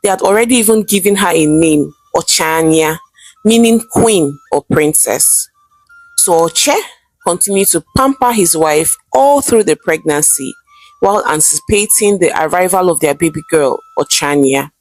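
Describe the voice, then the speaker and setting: A woman narrates a folktale in a dramatic storyteller manner. Her voice sits slightly low. Faint background music plays under her. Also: animated, moderate pace.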